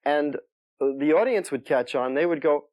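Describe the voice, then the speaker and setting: Soft-spoken comedian recalling his start. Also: a little high, dry recording, highs cut off. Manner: soft-spoken, halting with restarts. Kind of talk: interview storytelling.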